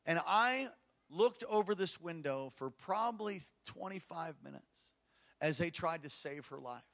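Impassioned pastor, high bright voice. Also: male voice, animated, measured pace. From Hawaii. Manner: impassioned storytelling, swinging from hushed to shouting. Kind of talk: sermon.

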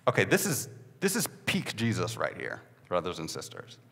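Animated young man preaching in echoing hall. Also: sits low, normal speed, creaky. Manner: lively and joking, repeats words as he restarts. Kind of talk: sermon. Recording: long hall reverb.

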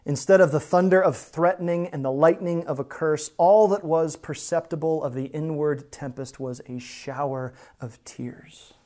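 Brief: male pastor mid-sermon, earnest, talks to the congregation like friends, drops to a hush then builds. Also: on the high side, normal speed, hardly any pauses. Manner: earnest, shifts from hushed to emphatic; conversational asides to the congregation.

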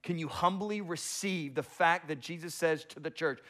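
A man's voice: a little high, moderate pace, hardly any pauses, a bit bright. A man preaching a sermon as pastor, driving his points home with repetition and rhetorical questions.

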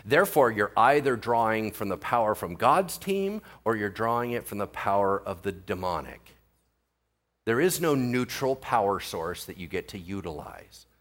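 A male pastor giving a conversational sermon, animated and talking straight to his listeners. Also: lowish voice, moderate pace. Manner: animated, conversational preaching with asides to the audience.

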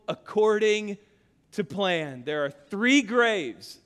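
A man preaching a sermon, telling a self-mocking story with loud exclamations and hushed confessions. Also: high voice, normal speed, smooth, big-room sound. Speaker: pastor.

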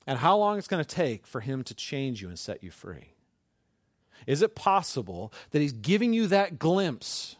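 A middle-aged male pastor preaching a sermon with passion, building to near-shouts and often restarting his sentences. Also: medium pitch, very animated, moderate pace, no room sound, studio quality.

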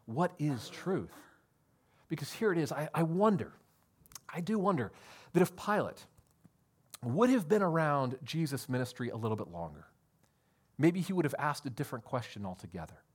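High, lively-voiced preaching man. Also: normal speed, pauses often, breathy edge. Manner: earnest, emphatic, addresses listeners as friends. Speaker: pastor. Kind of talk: sermon.

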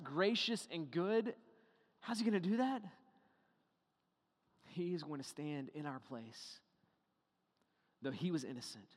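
A man preaching a sermon, animated, firing rhetorical questions and acting out little dialogues. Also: a little high, in a large hall. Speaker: pastor.

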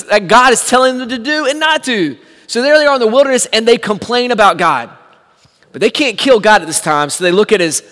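A man preaching a sermon, telling the story with animated swings from hushed to shouting. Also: high voice, in a large hall. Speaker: pastor.

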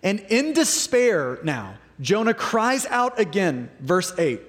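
A man preaches with lively, theatrical energy, slipping into the voices of the story's characters. His voice sits high for a man. It rings out with the long echo of a large sanctuary. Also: slow, hardly any pauses. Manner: animated, acts out quoted voices. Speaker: pastor. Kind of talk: sermon. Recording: long reverb of a large hall.

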